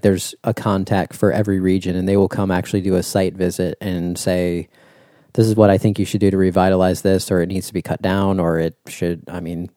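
Male podcast guest, very deep and dark-toned, relaxed and plain-spoken, dry close mic. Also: dry recording. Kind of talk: casual chat.

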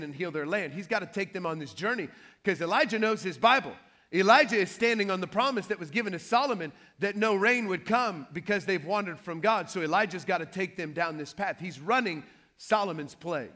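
Guy preaching, high bright voice, jokey storytelling. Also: long reverb tail. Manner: lively storytelling with playful trash-talk asides. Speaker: pastor. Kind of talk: sermon.

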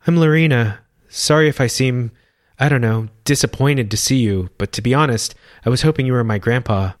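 A man's voice: medium pitch, brisk, no echo, clean studio sound, lightly acted. A man voicing a shy, kind young girl who speaks hesitantly. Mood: gentle. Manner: hesitant, gentle.

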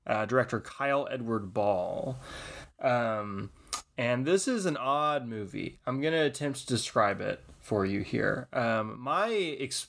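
A man co-hosts a film podcast and walks through a trailer in a relaxed, meandering way, full of ums. His voice sits at an ordinary middle pitch. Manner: rambling, many ums, descriptive. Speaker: podcast co-host. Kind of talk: casual chat.

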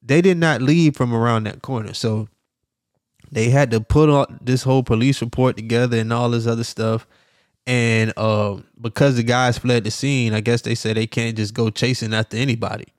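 A middle-aged man hosting a podcast who tells a story in an animated way, laughing often and acting out the sounds. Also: medium pitch, moderate pace, no echo, studio quality. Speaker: podcast host.

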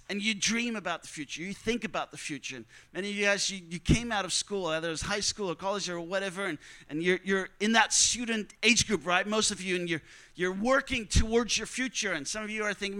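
Man, missionary preacher, high voice, crisp and clean, earnest storytelling sermon. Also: bright, forceful tone. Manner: storytelling, earnest, repeats key lines for emphasis. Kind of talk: sermon to students.

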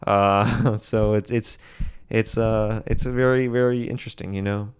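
A man's voice: lowish voice, steady tone, unhurried, smooth. A young man from Boston hosting a solo commentary podcast, rambling with frequent restarts and self-corrections. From Boston, USA. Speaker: podcast host.

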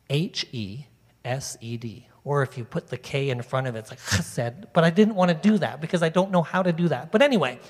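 Male preacher, chatty and animated with the congregation, slightly high pitch, recorded in a big echoing hall. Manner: animated, conversational, talks directly to the congregation. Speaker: pastor. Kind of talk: sermon. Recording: long reverb of a large hall.

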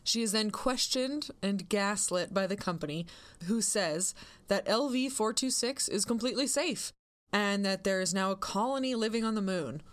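A woman co-hosting a podcast, recapping a film's plot in a relaxed, conversational way. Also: mid-range voice, moderate pace. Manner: relaxed, recapping plots in plain storytelling. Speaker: podcast co-host. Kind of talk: casual film recap.

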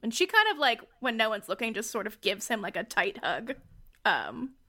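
A woman player at a tabletop game, speaking earnestly and formally in character. Her voice is somewhat high and bright. She narrates her own actions casually. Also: big pitch swings, moderate pace.

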